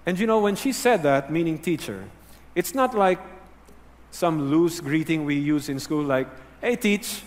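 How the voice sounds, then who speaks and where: Preaching an earnest, instructive sermon, this pastor speaks expressively at a moderate pace in a somewhat high voice. He lowers and softens his voice to stress key words, and the large hall lends a long echo.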